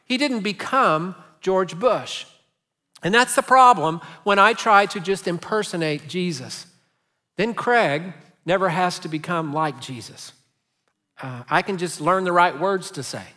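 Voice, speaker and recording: A man's voice: high voice, measured pace, bright, forceful tone, long reverb tail. A man preaching a sermon as pastor, telling stories and asking rhetorical questions in a conversational way. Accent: Texan. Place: large church sanctuary.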